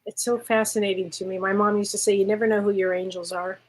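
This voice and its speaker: A woman co-hosting a live spiritual show, chatting enthusiastically and quick to agree. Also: medium pitch, level tone, darkish tone. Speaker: co-host, spiritual medium. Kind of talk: casual chat.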